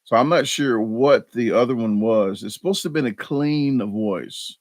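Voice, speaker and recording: A man's voice: medium pitch, normal speed, no echo. A man hosting a casual live stream chat. He rambles, mocks himself, and restarts his sentences often. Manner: rambling, self-deprecating, frequent fillers and restarts.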